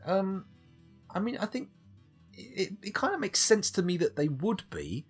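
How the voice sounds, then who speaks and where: A man's voice: high voice, brisk, soft background music. A man chatting wryly with his live chat while playing a game, rambling from thought to thought. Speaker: streamer.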